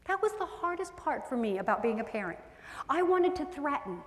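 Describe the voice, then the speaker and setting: A woman with a high voice delivers a parenting talk to a live audience, animated and expressive, slipping into voices of parents and children. The sound is roomy, with a long reverb tail from a large hall. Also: fairly quick. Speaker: parenting speaker.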